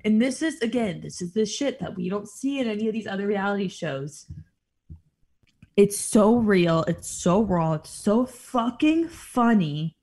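A woman co-hosting a podcast, recapping a show in excitable casual chat, laughing and swearing. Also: mid-range voice, unhurried. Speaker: podcast co-host.

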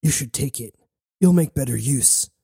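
A man voicing a badly wounded lieutenant who speaks quietly and weakly, resigned to his fate. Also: medium pitch, animated, moderate pace, creaky, breathy edge, no room sound, exaggerated voice.

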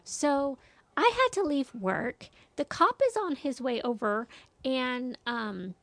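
A woman's voice: sits high, takes it slowly, no room sound. A middle-aged woman, a mother, telling a story in casual chat and acting out what others said. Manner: animated storytelling, quoting others.

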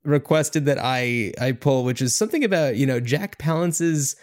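A man's voice: medium pitch, normal speed, darkish tone. A man co-hosting a casual movie review podcast, talking in a rambling, enthusiastic way full of fillers. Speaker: podcast co-host.

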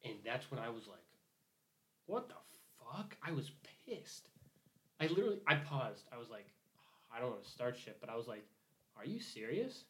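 A man's voice: mid-range voice, big pitch swings, fairly quick, sharp tone. A young man telling a long work story in casual chat, rambling, swearing a lot and acting out both sides of the argument. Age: young adult. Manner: rambling storytelling, heavy swearing, acts out quotes.

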